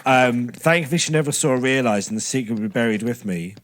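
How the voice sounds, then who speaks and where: A man co-hosting a comedy podcast, reading out crude listener stories in a flat deadpan way. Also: mid-range voice, fast. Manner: deadpan reading, breaks into laughter. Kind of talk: casual comedy podcast chat.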